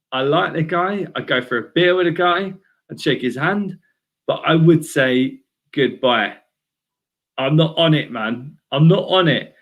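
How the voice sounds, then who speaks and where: A young man talking football in an energetic, slangy casual chat, calling everyone mate. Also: fairly high pitch. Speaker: guest fan. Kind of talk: casual fan chat stream.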